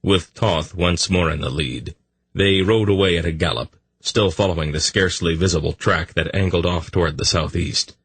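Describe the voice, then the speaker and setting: A man narrating a fantasy audiobook in an even, measured storytelling manner. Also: low-pitched, breathy edge, dry recording.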